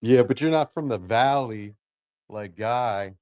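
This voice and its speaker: A man's voice: medium pitch, unhurried, clear, resonant tone, dry recording, highs cut off. A man joking and teasing others in a casual livestream chat. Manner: jokey, teasing.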